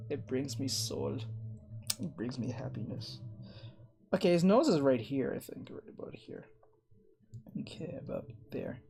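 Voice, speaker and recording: Slow, playful streamer chatting while sketching. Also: mid-range voice, creaky, darkish tone. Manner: playful, teasing banter with chat, talking through sketching steps. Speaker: art streamer. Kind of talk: casual livestream chat while drawing.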